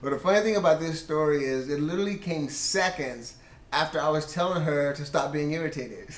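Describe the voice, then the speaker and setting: A man's voice: on the high side, a little fast, roomy sound. A man sharing a casual Christian testimony about his marriage in an earnest storytelling way, quoting himself and his wife.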